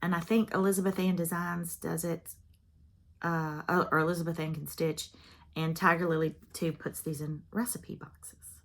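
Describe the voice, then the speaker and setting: A woman's voice: fairly low pitch, measured pace, gravelly, fairly bright tone. A woman in her fifties hosting a cross-stitch channel, talking casually and chattily to her viewers and rambling with frequent little laughs.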